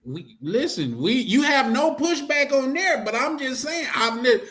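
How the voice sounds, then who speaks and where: A man with a high, bright voice leads a loose group talk. He banters in an animated, slangy way and laughs often. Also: unhurried. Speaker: host. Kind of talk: casual group discussion.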